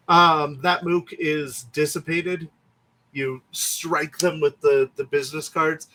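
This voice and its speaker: A man running a tabletop game as game master, easygoing and quick to laugh. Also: on the high side, fairly bright tone.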